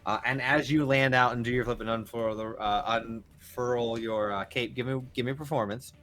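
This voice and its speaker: A man running a tabletop game as dungeon master, narrating in a rambling, animated way full of fillers. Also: medium pitch, normal speed, faint music behind.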